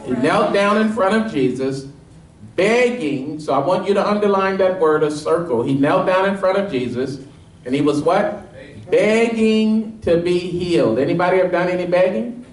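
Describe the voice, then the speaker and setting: A man preaching a sermon as pastor, quizzing his congregation call-and-response style and pressing his points with rising energy. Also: normal speed. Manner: energetic and emphatic, rising in pitch as he drives points home. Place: church sanctuary. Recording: echoey room, mic at a distance.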